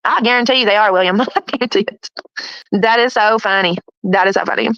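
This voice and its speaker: A woman's voice: medium pitch, brisk, fairly bright tone, no echo, lo-fi sound. A woman hosting a casual livestream chat, taunting and mocking her critics and laughing often. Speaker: livestream host.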